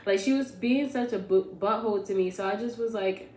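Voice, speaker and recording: A young woman vlogger, telling a story in a casual, animated, rambling way and often correcting herself. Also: medium pitch, a little fast, slight background noise. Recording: echoey room with faint ambience.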